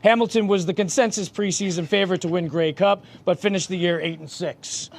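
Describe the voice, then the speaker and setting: High-voiced man reading sports notes. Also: a little fast, creaky. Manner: reads notes with small stumbles. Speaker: show co-host. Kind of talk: casual sports picks chat.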